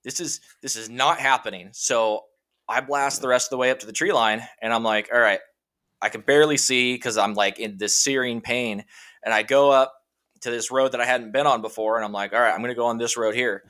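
A guest from Washington state, speaking a little fast at medium pitch, rambles through a long personal story. His casual, animated delivery is crowded with "you know" and "like."

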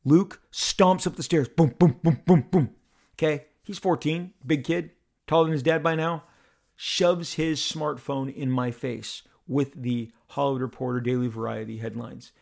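A middle-aged man hosting a podcast, telling a personal story in an animated, halting way with many repeated words. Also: mid-range voice, creaky. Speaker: podcast host.

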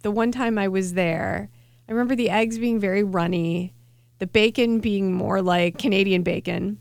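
A woman's voice: medium pitch, fairly even intonation, normal speed, gravelly, smooth, no room sound. A woman co-hosting a casual radio food chat, wry and chatty, often restarting her sentences. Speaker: co-host, food writer.

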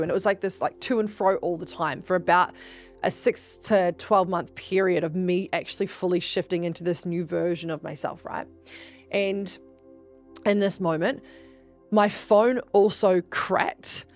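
A young woman with a somewhat low voice hosts a podcast, telling her story in a candid, casual way. She swears freely and keeps things expressive and chatty. Faint music plays behind her. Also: normal speed. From New Zealand. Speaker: podcast host.

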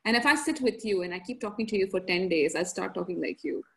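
A woman with a shifting mixed accent, chatting as a podcast guest and telling animated stories, laughing often and acting out voices. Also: medium pitch, quick pace, vocal fry. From grew up in several countries. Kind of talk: casual conversational storytelling.

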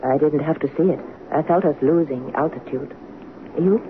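An actress in a 1970s radio drama playing a middle-aged French wife with a French accent, once in the resistance, talking in a tender, teasing way. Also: female voice, low voice, normal speed, lightly acted. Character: wistful French wife, former resistance fighter. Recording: tinny lo-fi old radio broadcast with hiss.

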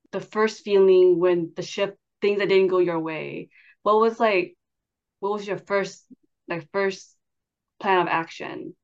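A woman hosting a podcast, asking halting questions full of fillers. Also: mid-range voice, a little mellow. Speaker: podcast host. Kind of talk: conversational interview. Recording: dull, lo-fi sound.

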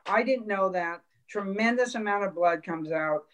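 A woman guest on a podcast, talking quietly and in a measured way about a hard time. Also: medium pitch, muffled recording. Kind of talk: reflective conversation.

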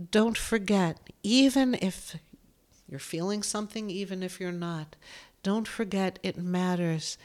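A woman medium and author giving a gentle, soothing spiritual talk, emotional at times. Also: on the low side. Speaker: medium and author, podcast host.

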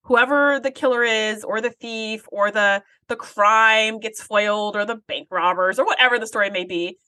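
A woman's voice: fairly high pitch, normal speed, sharp tone. A woman co-hosting a podcast, chatting casually and thinking aloud while quoting characters. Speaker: podcast co-host. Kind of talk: casual chat recapping an episode.

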